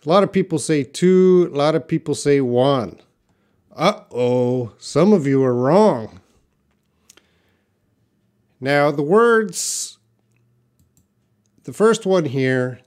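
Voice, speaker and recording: Slow-talking man teaching pronunciation. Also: mid-range voice, a little mellow. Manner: slow, drawn-out example words, casual asides to viewers. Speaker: English teacher. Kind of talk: live online pronunciation lesson.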